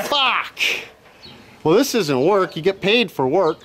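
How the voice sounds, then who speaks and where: High-voiced crude guy. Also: very animated, slow, a crowd in the background. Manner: crude, profane, joking. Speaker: vlogger filming friends. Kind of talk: casual outdoor banter. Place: outdoors at a house. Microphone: handheld camera.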